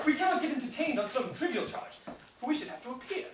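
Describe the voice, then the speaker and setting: An actor in a live stage play playing a witty, theatrical gentleman plotting a scheme. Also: sits high, big pitch swings, fast talker. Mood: scheming. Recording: echoey stage from far, noisy.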